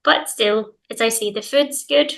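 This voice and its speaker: Chatty Glaswegian woman, fairly high voice. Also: measured pace, vocal fry, a bit bright, rough recording. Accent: Glaswegian Scottish. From Scotland, Glasgow. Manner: chatty, many fillers and hedges. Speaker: guest, English teacher. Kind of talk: casual interview chat.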